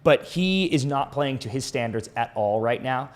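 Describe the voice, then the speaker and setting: A man co-hosting a live hockey podcast, talking in a loose, excitable way and swearing freely. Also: medium pitch, normal speed. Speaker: podcast co-host. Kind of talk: casual hockey chat.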